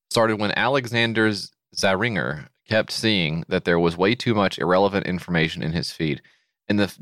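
A man's voice: low-pitched, a bit bright, dry recording, studio quality. A man co-hosting a comedy podcast, riffing with sarcastic disbelief in casual chat. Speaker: podcast co-host.

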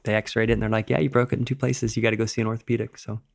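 A man's voice: lowish voice, level tone, rapid-fire, vocal fry. A middle-aged man, a rock climber and podcast guest, telling stories in casual chat, acting out quoted dialogue and laughing often.

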